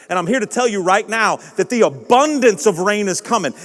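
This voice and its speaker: A male pastor preaching a sermon in a church, impassioned and building up to shouts. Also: sits high, lively intonation, brisk, few pauses, in a large hall. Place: church sanctuary.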